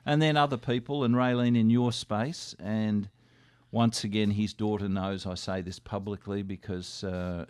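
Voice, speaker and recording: An older Australian man speaks in a low voice, recalling stories as a radio guest. He acts out what others said to him. The studio sound is dry and close. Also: measured pace, clean tone, no room sound. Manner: animated anecdotes with quoted dialogue. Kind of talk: casual storytelling.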